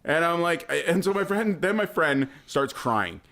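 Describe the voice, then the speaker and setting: A man's voice: on the high side, normal speed, a little hiss or hum. A man telling a story on a podcast in casual chat, laughing often and acting out the people in it. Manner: animated, laughs often, acts out quotes.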